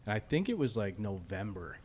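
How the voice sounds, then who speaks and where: A man hosting a podcast, chatting casually with a guest at a golf venue, with relaxed, filler-heavy talk. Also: lowish voice, fairly quick, a little hiss or hum. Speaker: podcast host. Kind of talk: casual chat.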